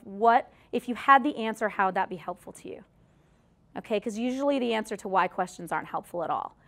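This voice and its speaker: A woman's voice: mid-range voice, fairly bright tone. A woman giving a live talk to an audience, speaking directly and chattily and often checking in with "okay?". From Australia. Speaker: speaker at a workshop.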